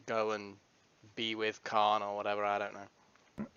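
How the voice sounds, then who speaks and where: A man's voice: fairly low pitch, monotone, measured pace, bright, forceful tone, smooth, highs cut off. A man playing a tabletop game, chatty and joking as he describes his character's actions. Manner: chatty, jokey. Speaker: player.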